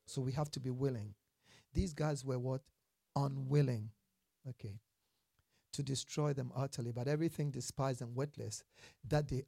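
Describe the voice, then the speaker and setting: Preacher mid-sermon; husky delivery, dry close sound, quizzes the congregation, builds to emphatic peaks. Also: medium pitch, no room sound. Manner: asks the congregation questions and answers them; emphatic, building to loud passages. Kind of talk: sermon with Bible reading.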